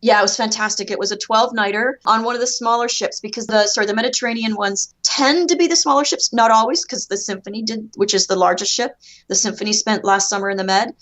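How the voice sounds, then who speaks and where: A woman's voice: a little high, fairly even intonation, fast, a bit bright. Chatty Canadian woman guest. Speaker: podcast guest. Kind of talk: casual podcast chat.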